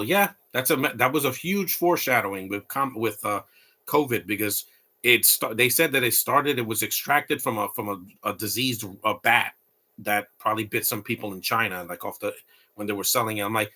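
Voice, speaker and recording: Blunt, bright-voiced male movie commentator. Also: lowish voice, normal speed. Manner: rambling, opinionated, blunt asides. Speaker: live movie commentary host. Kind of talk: casual live movie commentary.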